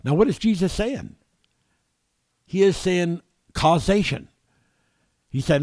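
A man preaching a sermon, halting and repeating words, growing forceful when reading scripture. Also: sits high, animated, no echo.

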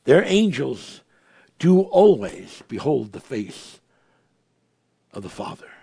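A man preaching a sermon, moving between hushed, reverent asides and emphatic, raised passages as he quotes and explains scripture. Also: mid-range voice, very animated, takes it slowly, vocal fry, husky, no room sound.

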